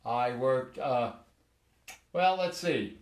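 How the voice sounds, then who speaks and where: A man's voice: medium pitch, animated, drawn-out words, reverberant. An older man, a retired firefighter, chatting casually on a live stream and speaking plainly with hesitant fillers. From United States.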